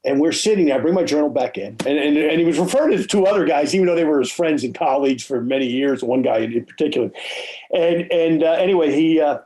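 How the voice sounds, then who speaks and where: A man hosting a podcast interview, telling stories in an animated way and often checking in with "okay?" and "right?". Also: on the high side, fast talker, poor audio. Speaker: podcast host. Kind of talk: casual storytelling interview.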